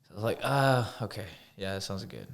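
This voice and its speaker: A young man in casual conversation, soft-spoken and hesitant, with many filler words. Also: on the low side, brisk, gravelly. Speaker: podcast co-host. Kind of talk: casual chat.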